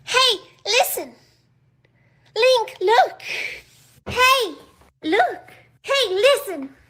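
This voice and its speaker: A woman's voice: very high-pitched, expressive, extremely slow, fairly bright tone, heavily acted. A woman doing an impression of a chirpy tiny female fairy guide who pesters with repeated calls for attention. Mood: pestering. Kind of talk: impression in a played clip.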